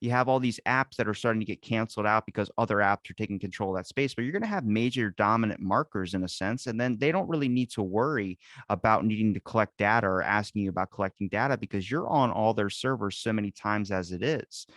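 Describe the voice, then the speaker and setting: A man hosting a casual podcast chat, telling stories in an animated, profane way. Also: on the low side, fast, hardly any pauses, no room sound, studio quality. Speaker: podcast host.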